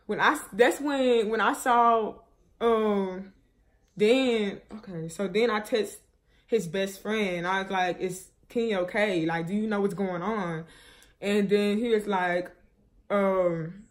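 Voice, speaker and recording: In a slow, steady, medium-pitched voice, a grieving young woman rambles through an emotional personal story for her vlog viewers. She restarts often and fills her speech with fillers, sounding subdued and shaky.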